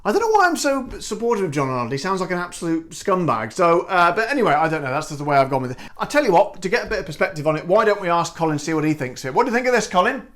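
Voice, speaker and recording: A man's voice: high-pitched, big pitch swings, very fast, few pauses, a bit bright. A British man hosting a comic vlog, talking in a chatty, cheeky and mildly sweary way. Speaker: comedy vlog host.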